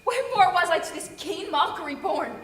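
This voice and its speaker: A heartsick, spurned maiden, played by a young woman pleads in plaintive verse. Her very high voice comes from a distance with a roomy echo and faint noise. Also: expressive, brisk, a bit bright. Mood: wounded. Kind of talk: stage acting of verse. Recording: echoey room from far off, with noise.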